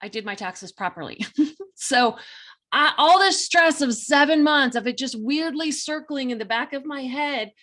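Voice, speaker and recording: A woman's voice: high-pitched, normal speed. Chatty woman telling a personal story. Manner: chatty and animated, many fillers and quoted inner dialogue. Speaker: podcast host.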